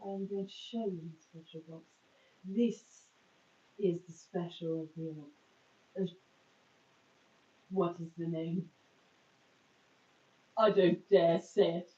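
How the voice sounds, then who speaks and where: A woman's voice: on the low side, fairly even intonation, slow pace, long pauses, warm tone. A woman chatting casually on a live stream from her phone, rambling and poking fun at herself. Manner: rambling, chatty, self-mocking. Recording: dull, echoey, far from phone mic.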